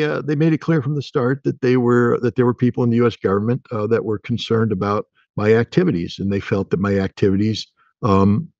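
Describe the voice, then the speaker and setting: A man's voice: on the low side, no room sound. American man, 60s, interview guest, emphatic and restarting, muffled dry call audio. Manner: halting and emphatic, many restarts, grows forceful and defiant. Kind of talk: remote interview answer.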